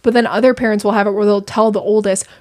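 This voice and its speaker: A young woman chatting as a podcast guest, telling stories in an animated way with quick asides. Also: medium pitch. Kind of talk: casual chat.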